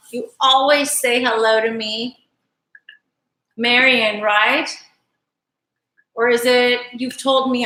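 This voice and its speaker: In an echoey home kitchen, a cooking show host chats warmly and wanders off-topic with her live stream audience as she works. She speaks a little high, in a bright, forceful tone.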